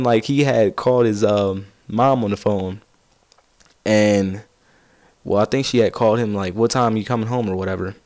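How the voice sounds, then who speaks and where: Teen boy, gaming commentary, casual rambling story, excitable, low voice. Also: no echo, studio quality. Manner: rambling, gets loud and excited while laughing at his own stories. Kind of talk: casual storytelling over gameplay.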